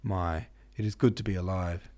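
A man's voice: sits low, fairly even intonation, moderate pace, dark tone, no room sound, close to an everyday voice. A man voicing a boisterous, carefree young man who talks bluntly. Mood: rowdy. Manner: rowdy, blunt.

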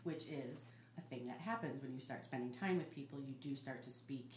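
Woman with a super low voice, laid-back podcast chat, echoey room, bit of noise. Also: brisk. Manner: laughing, animated storytelling. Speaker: podcast co-host. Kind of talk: casual chat.

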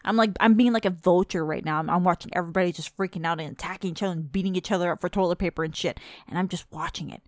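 A woman in her thirties hosting a podcast, ranting in a casual, exasperated and profane way, with sharp emphatic bursts. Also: on the low side, racing, few pauses, soft background music. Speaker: podcast host. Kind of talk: casual rant.

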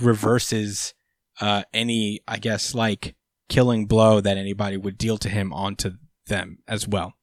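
A laid-back man talks through a casual recap, swearing freely and laughing often. His speech is loose and full of filler words. The recording is dry and close, with no room echo. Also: on the low side.

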